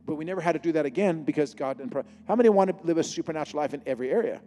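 Male preacher, rapid animated testimony sermon, slightly high voice, long hall reverb. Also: slight background noise. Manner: animated storytelling, acting out dialogue with God.

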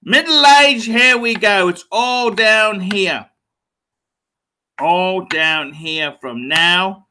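A man's voice: high voice, very slow, pushed and bright. A man in his forties hosting a casual livestream, rambling, repeating phrases, swearing playfully and reading out donor messages. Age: 40s. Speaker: livestream host.

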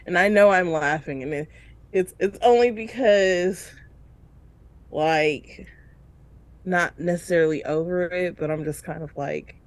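Low-pitched and unhurried, with long pauses, this woman co-hosts a podcast reviewing a reality show. She emotionally tells a painful story in casual conversation, acting out the people with dramatic voice leaps while laughing through tears.

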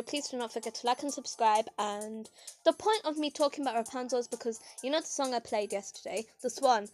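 A woman host casually chatting over gameplay, rambling through a story with lots of fillers and expressive exclaims. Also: a little high, poor audio. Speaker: gaming channel host.

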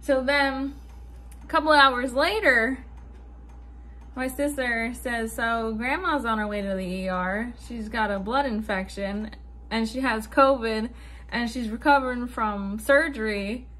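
A woman's voice: a little high, measured pace, fairly bright tone. A young woman telling a story to her camera in a casual, chatty way, swearing and laughing nervously. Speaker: vlogger.

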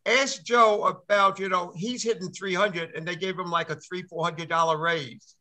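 An older man jokes and teases in casual talk, often stumbling and restarting his sentences. His voice is high for a man and sharply bright. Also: steady tone, normal speed. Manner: teasing and jokey, restarts often. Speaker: guest. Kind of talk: casual chat.

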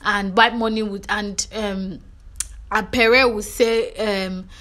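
Woman, Nigerian accent, mid-pitched, for a chatty and animated gossip-recap vlog. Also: slow pace. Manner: animated storytelling, frequent "you know" and "do you understand". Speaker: reality show recap vlogger.

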